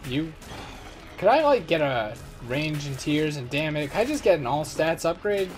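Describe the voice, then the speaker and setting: A man's voice: on the high side, lively intonation, a little slow, faint music behind. A man in his twenties giving casual gameplay commentary, rambling and joking at his own expense. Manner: rambling, joking, self-mocking. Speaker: let's play host.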